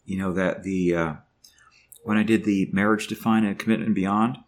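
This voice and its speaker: An older man talking to the camera in a personal video diary, halting and emotional, with many fillers and restarts. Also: low voice, fairly even intonation. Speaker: vlogger.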